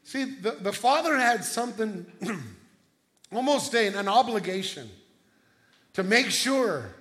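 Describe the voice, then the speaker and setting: A middle-aged man preaching a sermon as pastor, telling stories in a conversational way with quick restarts. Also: sits high, animated, a bit bright.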